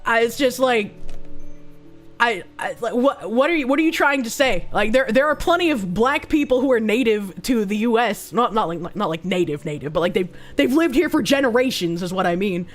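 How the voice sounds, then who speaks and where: A woman's voice: a little high, lively intonation, moderate pace, faint music behind. A woman streamer reading news aloud and reacting to it in a blunt, profane, sarcastic way, thanking chat for subs between rants.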